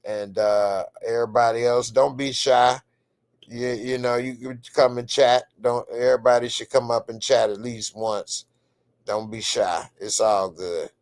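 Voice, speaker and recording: An American man hosting a late-night live stream, chatting with viewers in a relaxed, drawling way and laughing often. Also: mid-range voice, measured pace. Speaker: streamer host.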